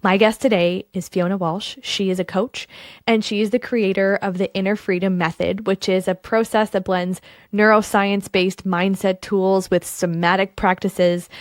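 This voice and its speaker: A woman's voice: medium pitch, no room sound, studio quality. A woman hosting a podcast, introducing the episode in a chatty, enthusiastic way with casual asides. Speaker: podcast host.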